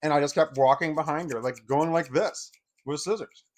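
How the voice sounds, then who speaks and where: A man with a somewhat high voice tells a story from his own life in a loose, casual way. He rambles, circles back and repeats phrases, with many fillers along the way. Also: normal speed. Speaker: vlogger telling a personal story.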